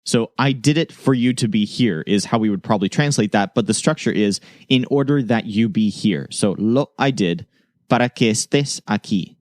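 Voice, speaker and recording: A man narrating a scripted language lesson, speaking in a measured way and slowing down to model example phrases. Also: on the low side, no echo, studio quality. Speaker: language teacher.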